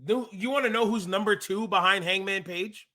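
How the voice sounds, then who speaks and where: Fired-up bright-voiced man ranting. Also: high-pitched, normal speed. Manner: worked-up fan ranting, emphatic and exasperated. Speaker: wrestling podcast co-host. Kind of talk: casual chat.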